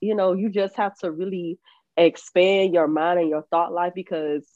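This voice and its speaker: A woman's voice: on the low side, steady tone, normal speed, a little mellow, dry recording. A woman co-hosting a podcast, talking in a candid, earnest way with laughs between her points. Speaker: podcast co-host. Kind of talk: casual podcast conversation. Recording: slightly dull, muffled audio.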